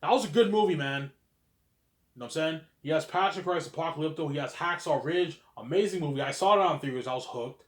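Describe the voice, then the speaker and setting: A man with a slightly high voice talks casually to his viewers and keeps throwing rhetorical questions at them. His voice rings in a roomy, echoey space. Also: fast. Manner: chatty, addresses viewers, asks rhetorical questions. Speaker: vlogger. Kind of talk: casual opinion monologue. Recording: roomy echo.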